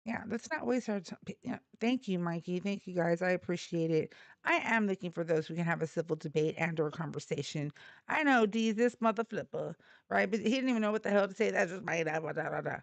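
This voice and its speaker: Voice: mid-range voice, fairly quick, no echo. A live call-in show host arguing politics with callers in a blunt, mocking, combative way. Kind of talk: heated live call-in debate.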